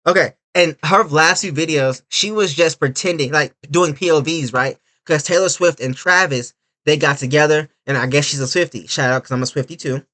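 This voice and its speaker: Man, reaction video host, fairly high voice, animated, casual rant. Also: moderate pace, few pauses. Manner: animated, swings from loud outbursts to low mutters.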